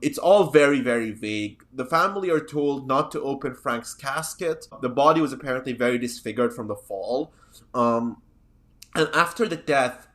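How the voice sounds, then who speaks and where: A man's voice: medium pitch, fairly bright tone. Sardonic, rambling male podcast host. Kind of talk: casual podcast chat.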